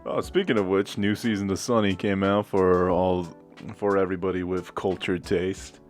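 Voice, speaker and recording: A man's voice: sits low, level tone, moderate pace, faint music behind. A young man co-hosting a casual podcast, joking around and laughing often. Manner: jokey, laughs often, tries silly voices. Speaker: podcast co-host.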